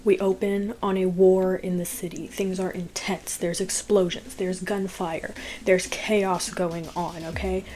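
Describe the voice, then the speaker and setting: A woman's voice: on the low side, flat delivery, measured pace, background noise. A woman chatting casually as she recaps a movie, laughing often and peppering it with "like.".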